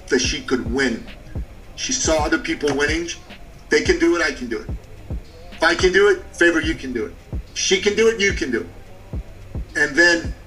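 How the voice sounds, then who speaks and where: Male business coach, punchy and animated storytelling, somewhat high voice, distant mic. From Canada. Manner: animated storyteller, short punchy phrases, drops to a hushed tone for emotional parts. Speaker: business coach and podcast guest. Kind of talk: storytelling on a podcast.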